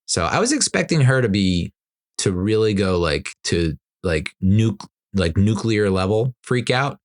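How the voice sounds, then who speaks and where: A man hosting a podcast, telling his own stories in a casual monologue and acting out quotes with big jumps in pitch. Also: unhurried. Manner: animated, jumps up high when acting out quotes. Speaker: podcast host.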